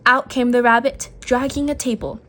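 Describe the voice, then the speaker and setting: A woman narrating a children's picture book aloud in a gentle, expressive way. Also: on the high side, normal speed. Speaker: storyteller.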